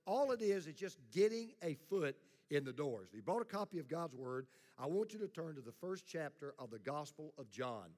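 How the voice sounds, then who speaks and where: A man's voice: fairly high pitch, very animated, fairly quick, few pauses, a little mellow. A middle-aged male pastor preaching a sermon in a blunt, plain-spoken way, leading the congregation in call-and-response. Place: church sanctuary. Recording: long hall reverb.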